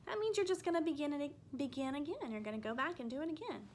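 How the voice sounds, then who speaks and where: A woman teaching a first grade phonics lesson, speaking gently and spelling out letters slowly for young children. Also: high-pitched, expressive, a little hiss or hum.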